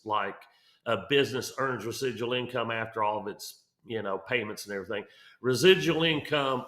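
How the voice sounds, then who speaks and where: Bright-voiced rambling man in an echoey room. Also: medium pitch. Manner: rambling, many fillers and restarts. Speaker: mortgage segment regular on a real estate show. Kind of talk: casual podcast explainer.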